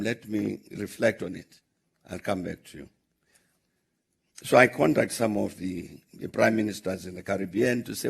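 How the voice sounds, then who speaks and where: An older man with a South African accent speaks in a low, gravelly and very husky voice. He tells his story at a measured pace, breaking it up with frequent "uh" pauses and acting out the lines of each conversation. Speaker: former head of state answering questions. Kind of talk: anecdotal storytelling in a Q&A.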